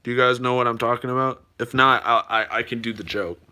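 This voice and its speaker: A man's voice: medium pitch, fairly even intonation, quick pace, pushed and bright. A middle-aged man chatting casually to viewers in a playful, rambling way, his voice slightly cracked from a cough. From United States. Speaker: vlogger. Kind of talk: casual chat to camera.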